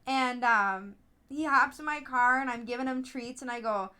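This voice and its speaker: A woman telling stories in a casual podcast interview, chatty and animated, with frequent fillers and restarts. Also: normal speed, clear, resonant tone. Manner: animated storytelling, acts out others in high voices. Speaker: podcast host, app founder being interviewed.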